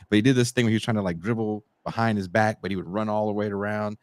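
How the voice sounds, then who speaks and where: A man in his forties co-hosting a podcast, telling stories in a casual, animated way and swearing freely. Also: fairly low pitch, rapid-fire, hardly any pauses, dry recording, studio quality. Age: 40s. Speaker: podcast co-host. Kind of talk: casual chat.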